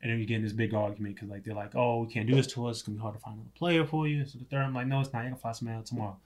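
A man telling a story in casual chat, animated and laughing often, swearing freely. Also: mid-range voice, racing.

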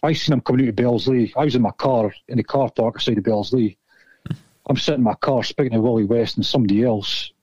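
A man's voice: mid-range voice, fast, a little mellow, no room sound, dull audio. A Scottish man, a former footballer, telling rambling, sweary stories in casual chat. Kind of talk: casual storytelling.

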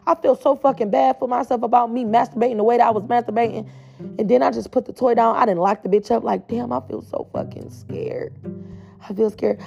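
A woman with a gravelly, mellow voice tells a frank, swear-filled story straight to her viewers. She talks in a loose, chatty storytime style. Faint music plays behind her. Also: fairly high pitch, steady tone, fast talker, muffled recording. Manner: blunt, profane, chatty, speaks straight to the listeners. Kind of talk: casual storytime vlog.

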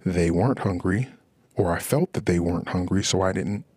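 Man, podcast host, frustrated rambling monologue, deep voice, dry close sound. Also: moderate pace, a little mellow, slightly rough, no room sound. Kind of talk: personal monologue about marriage.

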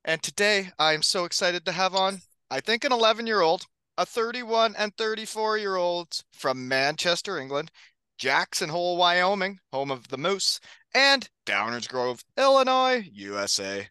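A man's voice: high voice, animated, normal speed, bright, forceful tone, clean tone, no echo. A man hosting a casual hockey podcast, upbeat and joking, often laughing. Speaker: podcast host.

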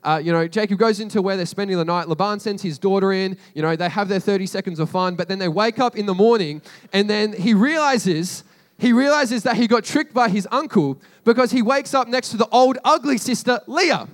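A man's voice: high-pitched, brisk. A man casually retelling a story to a group as a sermon, chatty and slangy, with frequent asides to his listeners.

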